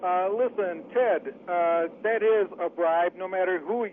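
A man calling in to a radio show, blunt and scornful. His voice is high. It comes through a narrow phone line with light hiss. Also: a little slow. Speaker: caller.

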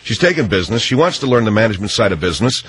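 A man's voice: on the low side, very animated, rapid-fire, a little hiss or hum. A man hosting a radio call-in show, mediating and exasperated. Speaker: radio talk show host.

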